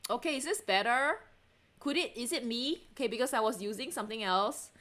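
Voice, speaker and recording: Woman livestream host, casual chatter, easily excited, laughs often, talks to her audience. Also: fairly high pitch, a little fast. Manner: chatty and excitable, lots of self-interruptions and giggles; asks viewers to check things, answers chat.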